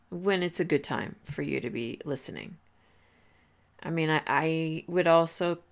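Slow, gravelly-voiced woman host. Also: sits low. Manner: relaxed, conversational, many fillers and restarts. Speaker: podcast host. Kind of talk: casual advice talk.

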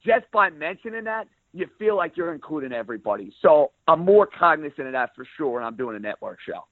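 A man with a strong New York accent and a rough, everyday voice talks sports radio in an emphatic, plain-spoken way. He comes through a thin, tinny phone line. The sound is close and dry, with no room behind it. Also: on the high side, big pitch swings, fairly quick, no room sound. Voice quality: rough around the edges voice. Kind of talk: interview guest, casual talk.

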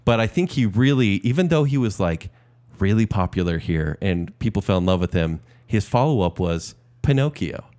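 A man's voice: fairly low pitch, animated, darkish tone. Chatty man discussing films. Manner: chatty, jokey, quick asides. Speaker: podcast co-host. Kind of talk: casual chat about movies.

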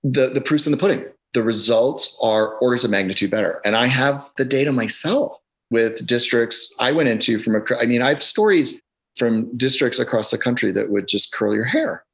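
A middle-aged education consultant guests on a podcast over a video call, explaining emphatically and leaning on data to make his case. His mid-range voice is fairly bright, with lively intonation and a moderate pace, though the audio is poor.

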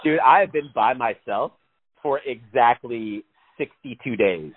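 A man's voice: medium pitch, a little slow, breathy edge. A man chatting casually as a podcast co-host, rambling, swearing and laughing often. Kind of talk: casual chat. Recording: tinny phone-like line.

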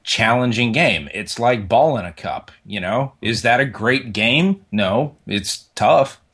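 A man co-hosting a casual podcast, explaining his points in a measured way. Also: medium pitch, expressive, fairly bright tone, breathy edge. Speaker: podcast co-host.

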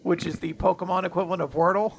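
A man on a podcast makes playful, joking asides in relaxed chat. His voice sits a little higher than most men's. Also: fast talker, slight background noise. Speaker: podcast co-host. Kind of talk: casual chat about a manga.

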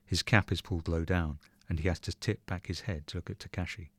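A man reading a short story aloud in measured, even narration. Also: deep voice, breathy edge, no echo. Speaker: reader.

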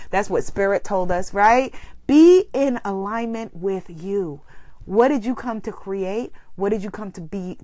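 A woman hosts a spiritual group call, giving an animated, preacherly talk that affirms her listeners. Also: fairly low pitch, no room sound. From Guyana. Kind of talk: inspirational live talk.

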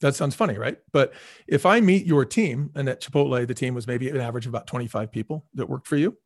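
In a relaxed storytelling interview, a middle-aged man who once headed a restaurant chain speaks fast in a mid-range voice. He stresses points by repeating words and imitates those he quotes. The audio is clean studio sound without any room tone.

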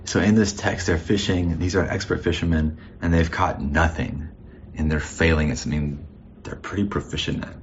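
A pastor with an exceptionally deep, low voice gives a casual, thoughtful sermon, circling back and restarting his phrases as he goes. The recording sounds muffled and lo-fi, with a faint hum of ambience underneath. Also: fairly even intonation, normal speed. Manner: conversational and reflective, with frequent restarts.

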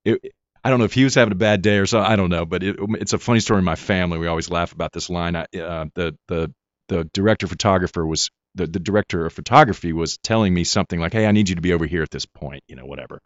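A middle-aged male actor chatting as an interview guest, talking haltingly with many restarts and fillers. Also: low voice, no echo, highs cut off. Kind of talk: casual interview chat.

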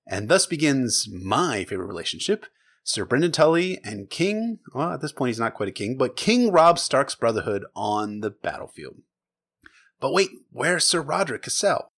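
A man's voice: medium pitch, normal speed. A man hosting a podcast, recapping a book chapter in a casual, joking, sarcastic way, swearing and acting out the characters' lines. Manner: lively, sarcastic, swears freely, acts out quotes. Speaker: podcast host.

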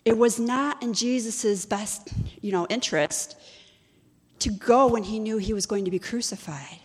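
A woman's voice: on the high side, measured pace, slightly rough, big-room sound. A woman giving a sermon-style teaching in a conversational, storytelling way, often asking her listeners questions. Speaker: ministry executive director teaching.

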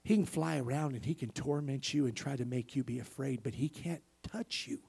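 With a brisk delivery, a man preaches a sermon in a breathy, husky voice pitched at an average level. He shifts between booming emphasis and near-whispered softness, calling for amens along the way.

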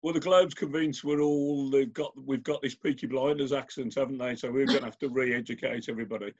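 A man's voice: mid-range voice, steady tone, brisk, breathy edge, muffled recording. A man hosting a live online interview, asking chatty, rambling questions. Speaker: host.

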